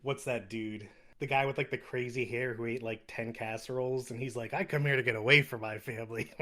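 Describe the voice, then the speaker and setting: A man co-hosting a podcast, chatting in a relaxed, rambling way about a film and laughing as he retells scenes. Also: medium pitch, a little fast. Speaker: podcast co-host. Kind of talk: casual film review chat.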